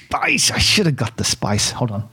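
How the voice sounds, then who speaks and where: A man's voice: lowish voice, expressive, moderate pace, pushed and bright, slightly rough, whispered. A man hosting a casual chocolate tasting, chatty and rambling, poking fun at himself. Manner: chatty, rambling and self-deprecating.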